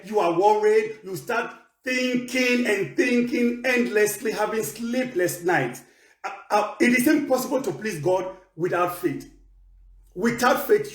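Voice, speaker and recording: A man's voice: high voice, roomy sound. A man preaching a sermon with emphasis, repeating key phrases to drive them home.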